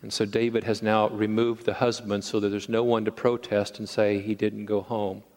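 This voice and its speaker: A man's voice: lowish voice, normal speed. Man preaching in a reverberant sanctuary. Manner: animated storytelling with frequent restarts and repeated words. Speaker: pastor. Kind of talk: sermon. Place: church sanctuary. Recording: long reverb of a large sanctuary.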